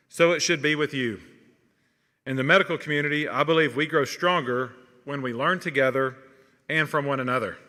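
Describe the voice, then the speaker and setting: A man's voice: fairly high pitch, bright, forceful tone. A man giving an earnest, encouraging commencement address from a podium in a large hall. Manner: earnest, encouraging, quotes sayings. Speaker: commencement speaker. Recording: long hall reverb.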